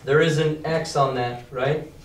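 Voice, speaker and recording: A man's voice: on the high side, fairly even intonation, unhurried, a little hiss or hum. A man teaching a class who reads a novel aloud and explains it in casual, chatty words. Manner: chatty, paraphrases the text in casual slang. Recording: roomy classroom, mic far off.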